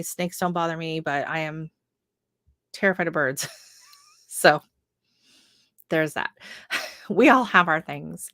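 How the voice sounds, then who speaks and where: Middle-aged Canadian woman hosting a live gardening stream; a bit low-pitched, chatty and rambling, laughs easily; dry, close recording. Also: fairly bright tone, dry recording. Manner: chatty, rambling, laughs often, filler-heavy. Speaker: gardening livestream host. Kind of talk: casual live-stream chat reading viewer comments.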